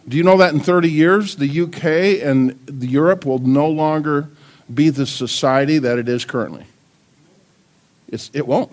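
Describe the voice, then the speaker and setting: An older man preaching a sermon, firing rhetorical questions at the congregation and joking with his grandchildren. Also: a little high. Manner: animated, asks the audience many questions. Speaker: pastor.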